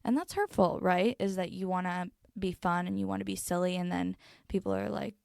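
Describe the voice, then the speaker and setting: A young woman talking casually and reflectively to her viewers, calm and mellow, with lots of "like" and "um.". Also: on the low side, fairly quick, vocal fry, no room sound, clean studio sound. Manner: casual, rambling, heavy filler words. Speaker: video host. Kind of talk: personal reflective talk.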